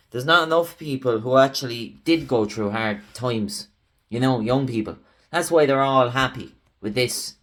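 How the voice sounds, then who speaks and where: A young Irish man, hosting his own channel, delivering a heated, ranting political commentary monologue. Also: medium pitch. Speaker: channel host.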